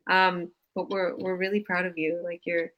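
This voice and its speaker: A woman's voice: fairly low pitch, level tone, normal speed, muffled recording. A woman coach hosting a casual live stream over a video call, gushing with enthusiastic praise.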